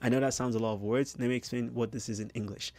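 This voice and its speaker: Man, business coach, rapid casual delivery, lots of fillers, dry recording. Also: medium pitch, steady tone, a little mellow, no echo. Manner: fast, casual, heavy use of filler phrases. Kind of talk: direct-to-camera business teaching.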